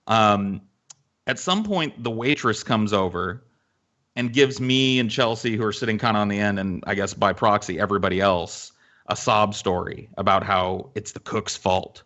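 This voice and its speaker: A man hosting a podcast, telling a story in a casual, animated and profane way with lots of fillers. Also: on the low side, normal speed, muffled recording. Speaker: podcast host.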